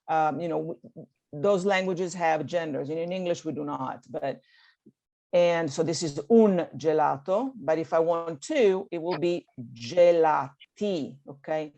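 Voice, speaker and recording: A woman's voice: fairly low pitch, a little mellow. A woman from Italy with an Italian accent, teaching a beginner Italian class over a video call and checking in with "okay?" after nearly every point. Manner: encouraging, checks in with frequent "okay?". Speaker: language teacher.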